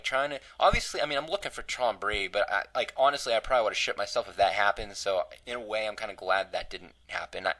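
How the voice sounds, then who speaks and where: A man's voice: mid-range voice, pushed and bright, poor audio. A man hosting a casual podcast, telling a rambling self-deprecating story. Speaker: podcast host.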